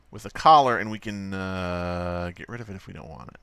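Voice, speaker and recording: A man's voice: low voice, expressive, brisk, creaky, few pauses, a bit bright, smooth, no room sound. A man hosting a live stream, chatting casually and rambling with jokes and frequent swearing while he draws. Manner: rambling, joking, swears freely. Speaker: livestream host.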